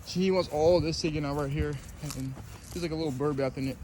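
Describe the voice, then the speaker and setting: A man's voice: on the high side, fairly even intonation, a little fast, a little mellow. A man walking through a backyard job he is vlogging, talking loosely with lots of fillers, a little out of breath. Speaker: landscaping business owner vlogging a job. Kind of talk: casual vlog walkthrough. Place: outdoor backyard. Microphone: phone camera. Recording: noisy outdoor phone recording.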